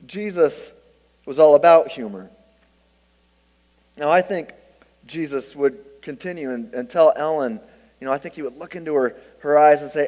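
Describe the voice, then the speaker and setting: Middle-aged male preacher, lively self-deprecating storyteller, somewhat high-pitched, recorded in a reverberant hall. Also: normal speed, long pauses. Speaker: pastor. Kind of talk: sermon.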